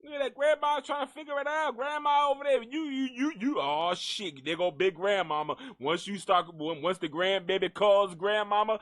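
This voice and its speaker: A man hosting a comedic gossip commentary, talking in an animated, profane way and repeating lines for effect. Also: sits high, normal speed, few pauses. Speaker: host.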